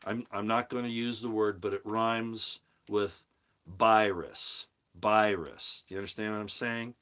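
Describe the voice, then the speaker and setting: A man's voice: lowish voice, level tone, moderate pace, a bit bright, clear, resonant tone. A man hosting a casual live stream monologue, rambling, often repeating and restarting words, and pressing his points with rising emphasis. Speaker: host of a live commentary stream. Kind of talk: casual monologue, reading viewer comments.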